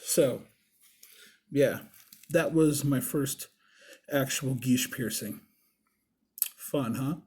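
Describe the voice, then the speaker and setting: A man hosting his own show, telling a story in a casual, profane, animated way and acting out the dialogue as he goes. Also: medium pitch, extremely slow, long pauses, slightly rough. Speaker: body piercer and show host.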